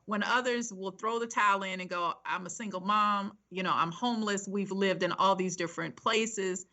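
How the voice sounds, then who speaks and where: A woman's voice: medium pitch, fairly even intonation, moderate pace, bright, forceful tone. A woman hosting an interview, speaking in an affirming, encouraging way. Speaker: interview host. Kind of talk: interview conversation.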